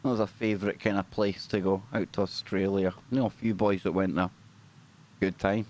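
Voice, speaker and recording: A man's voice: low-pitched, level tone, fairly quick, a little mellow. A Scottish man co-hosting a paranormal livestream, chatting casually and upbeat, often repeating phrases for emphasis. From Scotland.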